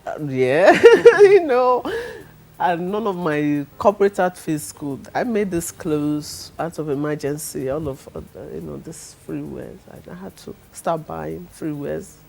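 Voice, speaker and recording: A middle-aged woman, telling her testimony in a lively way and acting out the people she quotes. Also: low-pitched, measured pace, creaky, few pauses, low-quality recording. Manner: acts out the people she quotes, laughs often. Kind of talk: animated storytelling.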